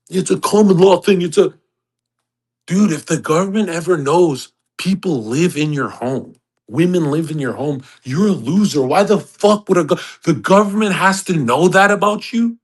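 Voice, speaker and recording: A man's voice: sits high, moderate pace. A man hosting a livestream, talking in a brash, profane rant and mocking others in put-on voices. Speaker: host. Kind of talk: livestream monologue.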